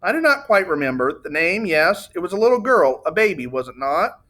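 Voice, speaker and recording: A man's voice: sits high, big pitch swings, fairly quick, fairly bright tone, pitched above the performer's own voice. A man voicing a precise detective who asks formal, dry questions. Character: precise, dry-witted older male detective.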